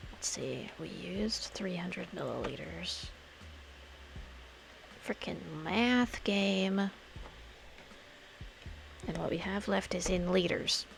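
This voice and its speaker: A woman's voice: lowish voice, slow, vocal fry, long pauses, slight background noise. A woman streamer chatting casually while playing a game, thinking aloud and murmuring to herself.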